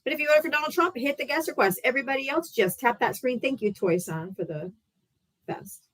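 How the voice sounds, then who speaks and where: A woman's voice: high-pitched, a little fast, a bit bright. A woman hosting a live political debate stream, ranting in a casual, profane, sarcastic and heated way. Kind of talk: casual livestream rant.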